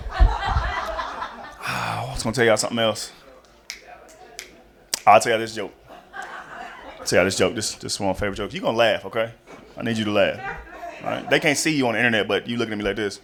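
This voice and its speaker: A young man doing a stand-up comedy set on a club stage, talking casually and jumping into loud high voices for the people in his stories. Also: a little fast, gravelly, long pauses. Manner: animated, jumps into loud high-pitched voices for characters.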